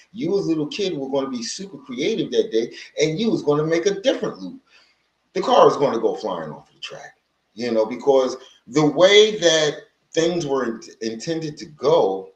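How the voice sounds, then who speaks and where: In an echoey room, an animated man with a medium-pitched voice runs a casual livestream on healing from narcissistic abuse, using a livestream microphone. He rambles conversationally, restarts often, and greets viewers from the chat.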